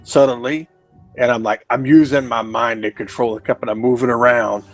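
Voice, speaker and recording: A man playing a tabletop game, describing his character's tricks in a playful, animated way. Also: mid-range voice, a little fast, soft background music. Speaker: player.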